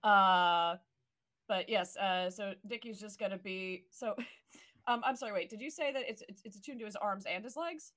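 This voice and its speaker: A woman's voice: mid-range voice, normal speed, fairly bright tone. A woman player in an online tabletop game, chatting casually and explaining what her character does.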